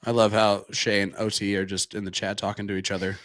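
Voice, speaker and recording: A man doing quick play-by-play commentary on a darts match, reading out chat messages and sponsor plugs. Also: on the low side, little pitch movement, no room sound. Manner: bright, quick play-by-play, reads chat and ads. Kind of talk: casual live commentary.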